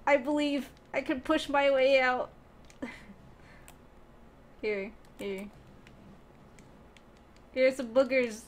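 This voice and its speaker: Speaking very slowly with frequent pauses, a young woman streamer keeps a steady tone in her high-pitched voice. Her casual gameplay commentary is playful chatter with teammates and chat, often broken up by giggles.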